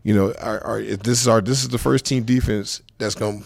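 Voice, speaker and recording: Coach guy from south central la, low gravelly voice, lots of "you know"s, dry mic. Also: fairly even intonation, a little fast, no echo. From South Central Los Angeles. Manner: rambling, many fillers, streetwise slang. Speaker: high school football coach, guest. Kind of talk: casual storytelling interview.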